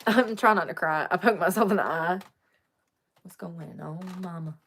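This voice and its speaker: A woman's voice: lowish voice, fairly quick, fairly bright tone. A young woman vlogging to camera in casual chat, chatty and joking, swearing freely.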